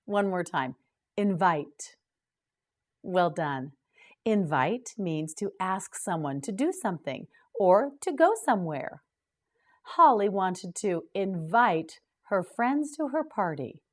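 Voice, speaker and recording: A woman hosting a scripted English vocabulary lesson, slowly and clearly drilling each word for learners to repeat. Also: medium pitch, very animated, darkish tone. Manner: slow, clear drilling of words. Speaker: English teacher and host.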